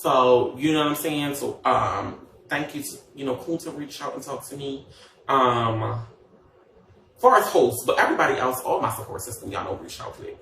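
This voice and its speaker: A man's voice: mid-range voice, animated, moderate pace, creaky, sharp tone, roomy sound, distant mic, slight background noise. A man chatting casually on a livestream, sassy and gossipy, with many fillers and asides.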